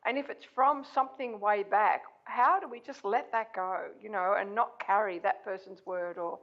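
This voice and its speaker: A woman's voice: mid-range voice, moderate pace, muffled recording. A woman on a studio panel telling a personal story, acting out what people said. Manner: storytelling, acts out quotes. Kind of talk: casual panel discussion.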